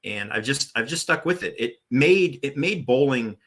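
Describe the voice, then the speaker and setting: In a relaxed storytelling interview, a former bowling tournament director in his forties wanders through his anecdotes, frequently starting over and saying "uh." His mid-range voice is animated and fairly bright, delivered at normal speed.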